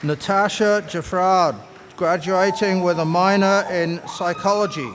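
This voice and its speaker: A man's voice: sits high, fairly even intonation, a bit bright. Man announcing graduate names in a hall. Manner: measured, formal announcing. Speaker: commencement name announcer. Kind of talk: formal reading of graduate names. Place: large commencement hall. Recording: echoey hall over a PA with crowd noise.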